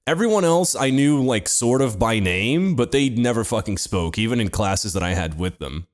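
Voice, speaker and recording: A young man with a lively, swinging voice tells a comedic story in loose, casual podcast chat. He swears freely and jokes his way through it, pitched at an ordinary middle level for a man. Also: normal speed. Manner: animated, profane, joking. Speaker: podcast co-host.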